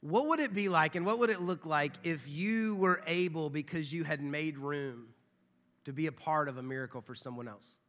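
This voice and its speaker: A man in his thirties preaches an earnest sermon, his bright, slightly high voice at times dropping to a near whisper. The sound rings with the long reverb of a large church hall. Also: moderate pace. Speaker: pastor.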